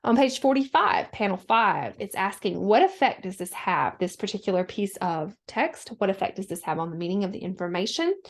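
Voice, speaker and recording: A woman teacher giving a recorded lesson, talking students through the steps in a steady, instructional way with frequent fillers. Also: mid-range voice, a little fast, creaky, few pauses.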